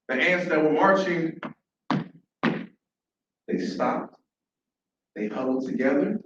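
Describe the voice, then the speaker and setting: A man telling an animated story live to an audience, repeating phrases and asking the crowd questions. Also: fairly high pitch, slow, long pauses, a little hiss or hum. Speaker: storyteller at an open mic. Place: large room at a library event. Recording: echoey, dull, from far off.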